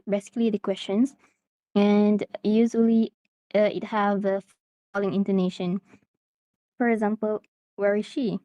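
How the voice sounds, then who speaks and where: Teacher from Malaysia, mellow dry voice. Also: female voice, medium pitch, dry recording. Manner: patient, steady, uses many "okay" and "uh" fillers. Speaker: English teacher. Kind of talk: online class explanation.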